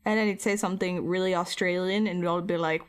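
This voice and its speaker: A woman's voice: fairly low pitch, steady tone, fast talker, clean tone. A woman chatting loosely and rambling between topics while she crafts on a live stream. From United States. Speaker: art streamer.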